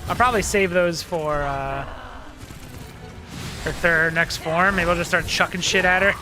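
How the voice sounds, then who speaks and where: A man playing a game and chatting casually, who swears and yells at the boss and laughs a lot. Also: a little high, a little slow. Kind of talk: casual gameplay chat. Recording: game music behind voice.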